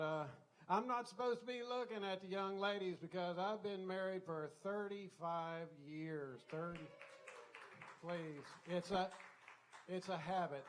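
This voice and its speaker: A man's voice: sits high, slight background noise. An older man with a Southern US accent doing a folksy stand-up routine on a comedy club stage, full of chatty "you know" asides.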